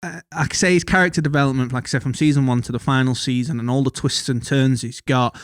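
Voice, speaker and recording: A man of middle pitch talks casually about a series, rambling with many fillers and restarts. The recording is dry and close. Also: fairly even intonation, quick pace, dry recording. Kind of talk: casual chat.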